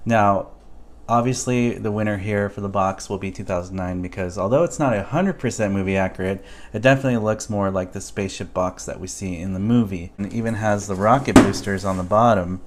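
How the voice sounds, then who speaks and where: A man with a somewhat low voice talks through a toy comparison in an easy, casual way. He thinks aloud and drops in relaxed ums as he goes. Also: brisk. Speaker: toy reviewer. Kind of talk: casual product review.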